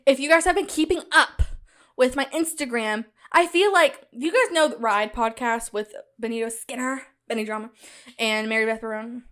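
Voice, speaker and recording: A young woman in college hosting a casual solo podcast, talking chattily and animatedly straight to her listeners, with a loud cackling laugh. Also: on the high side, normal speed. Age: young adult. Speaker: podcast host.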